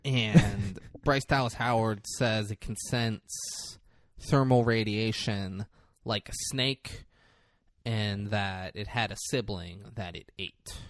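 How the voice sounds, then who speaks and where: A man's voice: lowish voice, slow, dry recording, clean studio sound. A man co-hosting a comedy podcast, recapping a movie in a rambling, profane way and acting out the scenes. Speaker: podcast co-host.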